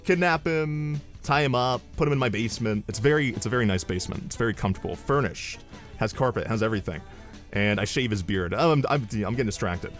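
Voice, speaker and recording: Rambling low-voiced man telling a story. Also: fast talker, faint music behind. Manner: rambling, animated, deadpan asides. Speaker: streamer. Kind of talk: comedic storytelling.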